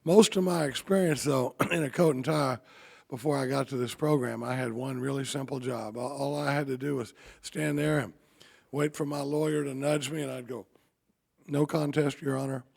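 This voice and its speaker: A man, giving a folksy, joking recovery talk at a podium, halting often and restarting his sentences. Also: mid-range voice, steady tone, creaky. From Texas. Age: 50s. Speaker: AA convention speaker.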